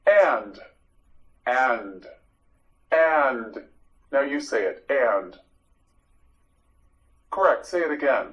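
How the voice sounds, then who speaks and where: A man teaching English vocabulary in a slow, repetitive drill, with clear, deliberate pronunciation. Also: mid-range voice, animated, a bit bright, highs cut off.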